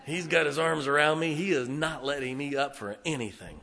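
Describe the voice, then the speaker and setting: A man's voice: medium pitch, animated, brisk, few pauses, sharp tone, big-room sound. A middle-aged man from northern Ohio telling a personal story in a folksy, conversational way, acting out the voices in it. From northern Ohio, near Lake Erie. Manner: folksy, conversational, acts out quoted dialogue.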